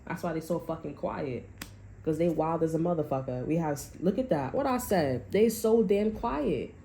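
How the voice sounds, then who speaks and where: A woman's voice: low voice, expressive, moderate pace, warm tone, slight background noise. A woman giving a casual, loose tarot reading to her viewers, swearing freely and talking through restarts. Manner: loose and profane, chatty, fillers and restarts. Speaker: tarot reader.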